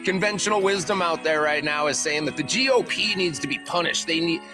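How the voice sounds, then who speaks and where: Man, 40s, from the US, slightly high voice, angry profane political rant, faint music behind. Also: a little fast. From United States. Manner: heated, profanity-laden ranting. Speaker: panel guest.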